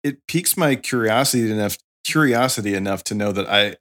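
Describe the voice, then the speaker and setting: A man's voice: lowish voice, a little fast, a bit bright. A man co-hosting a music podcast who talks thoughtfully and often restarts his sentences. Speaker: podcast co-host. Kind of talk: casual chat. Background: faint guitar music.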